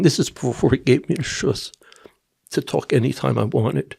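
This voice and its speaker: An older man from Tennessee, a podcast guest, telling personal stories in a rambling, halting way with quiet asides. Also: medium pitch, creaky, breathy edge. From Nashville, Tennessee. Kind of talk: personal storytelling in an interview.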